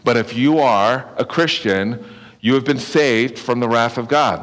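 A man's voice: medium pitch, a little slow, a bit bright. A man preaching a sermon in a conversational, earnest way, often restarting his phrases and adding asides. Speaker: pastor. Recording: long reverb of a hall.

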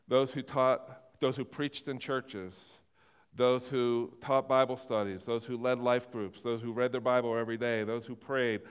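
A man's voice: mid-range voice, smooth, highs cut off. Earnest male pastor in a reverberant hall. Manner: earnest, repeats words and restarts often. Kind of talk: sermon.

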